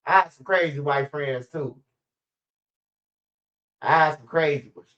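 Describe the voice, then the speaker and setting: A man's voice: a little high, unhurried, long pauses, fairly bright tone, muffled recording. A young man, telling stories in a rambling, slang-heavy, profane way as a channel host. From Chicago. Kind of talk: casual storytelling commentary.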